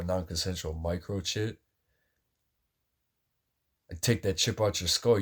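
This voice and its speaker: Low husky man, profane rambling rant. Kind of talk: casual rambling monologue.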